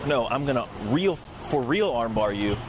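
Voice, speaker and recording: A police officer talking bluntly and crudely outdoors at a scene. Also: male voice, mid-range voice, animated, moderate pace, background noise. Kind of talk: casual talk on scene.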